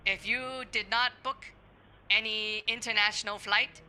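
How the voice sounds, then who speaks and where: A man playing a hesitant adult woman posing as a scam target on a phone call, full of pauses and fillers. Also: sits high, fairly even intonation, sharp tone, smooth, pitched above the performer's own voice, exaggerated voice. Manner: hesitant, slow, full of uh and spelled-out letters. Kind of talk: scambait phone role-play.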